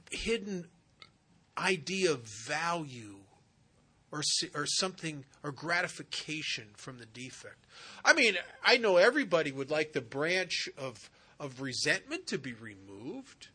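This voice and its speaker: A man's voice: on the high side, big pitch swings, a little slow, pushed and bright, breathy edge. A man speaking at a recovery retreat, telling earnest stories in a conversational way. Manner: earnest, conversational with vivid asides. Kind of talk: personal storytelling talk. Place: retreat center talk.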